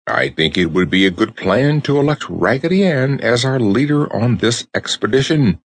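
A man's voice: mid-range voice, very animated, moderate pace, slightly rough, no echo, pitched above the performer's own voice. A man voicing an earnest toy doll proposing a plan, in a proper storybook voice.

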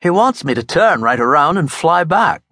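A man's voice: fairly high pitch, big pitch swings, moderate pace, sharp tone, no echo, studio quality, voice pushed up, exaggerated voice. A man playing a wry, genial ex-detective. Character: Scottish ex-Scotland Yard inspector turned private detective, wry.

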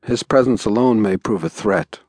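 A man's voice: lowish voice, moderate pace, darkish tone, dry recording, studio quality. A man voicing an argumentative barbarian woman in a storybook reading, countering with careful reasoning. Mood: doubtful.

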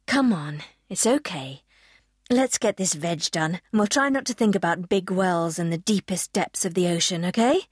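A woman voicing a protective, loving mother who speaks low, gentle and firm. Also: animated, unhurried, breathy edge, no room sound, clean studio sound. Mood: soothing.

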